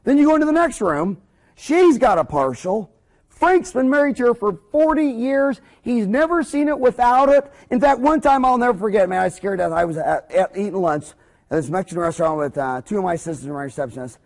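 A man lectures dentists on running a practice, wandering through jokes and stories along the way. His voice sits high for a man and swings widely in pitch as he goes. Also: fairly quick. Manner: animated, joking, rambling storyteller.

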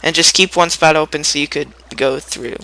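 A man's voice: fairly high pitch, steady tone, moderate pace, sharp tone, rough recording. A young man giving a casual, rambling gameplay tutorial, playful and chatty, humming little sound effects as he builds.

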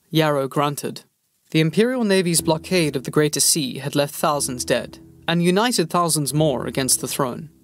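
A male audiobook narrator with a fairly high voice for a man, telling the story at a steady, even pace. The recording is dry and close, with no room sound. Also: no echo. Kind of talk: scripted narration.

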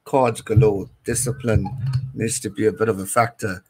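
A man's voice: on the low side, fairly even intonation, normal speed, darkish tone, breathy edge, low-quality recording. A young South African man with a South African accent, hosting a casual live stream, giving chatty rugby commentary, reading viewer comments, and dropping Afrikaans phrases.

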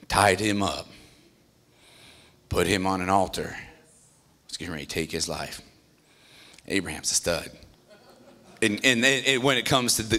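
A male pastor preaching a sermon in an animated, conversational way, with joking asides. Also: deep voice.

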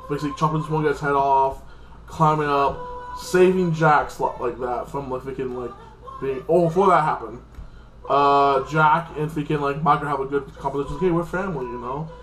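Rambling man with a higher voice. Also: steady tone, normal speed, fairly bright tone, reverberant, soft background music, rough recording. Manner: rambling, heavy with fillers like "like" and "freaking". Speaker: channel host reviewing a TV episode. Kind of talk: casual spoken episode recap.

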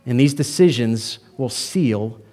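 A man's voice: mid-range voice, lively intonation, slow pace, a little mellow. A man preaching a sermon as pastor, emphatic and speaking straight to his congregation. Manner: emphatic, addressing the congregation directly.

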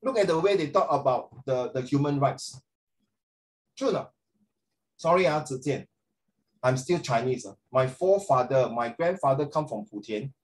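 A middle-aged man with a Singaporean English accent teaches a social studies class in an animated, jokey, sarcastic manner, slipping in Mandarin phrases. His medium-pitched voice moves at a moderate pace with long pauses, and the recording is rough.

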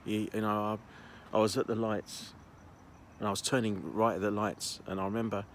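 A man's voice: lowish voice, level tone, normal speed, slight background noise. A man vlogging casually as he walks city streets, telling rambling stories with plenty of restarts. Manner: chatty, rambling storyteller with laughs. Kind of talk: casual walking vlog chat.

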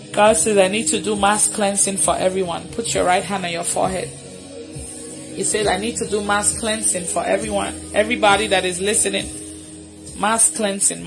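A woman's voice: mid-range voice, gravelly. A woman leading a live deliverance prayer, repeating commanding declarations fervently and laughing between them. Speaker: prayer minister.

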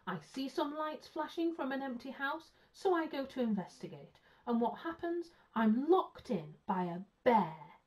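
A woman's voice: mid-range voice, big pitch swings, unhurried, few pauses. A woman voicing a grown male police officer who complains bitterly and indignantly. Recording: muffled lo-fi sound.

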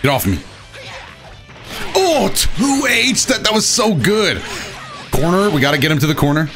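A young man giving excitable live commentary on his own fighting game matches, talking to himself and laughing at his own mistakes. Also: on the high side, fast talker, over music. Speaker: gaming commentator.

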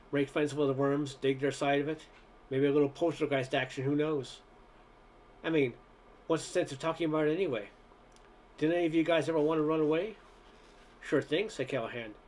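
An amateur reader with a fairly high voice reads a short story aloud, handling narration and dialogue in one voice. He stumbles and restarts on some words, with slight background noise.

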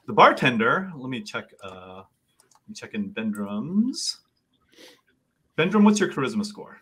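A man narrating a tabletop game as game master, describing scenes lively. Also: medium pitch, unhurried, breathy edge. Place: home setup, online session.

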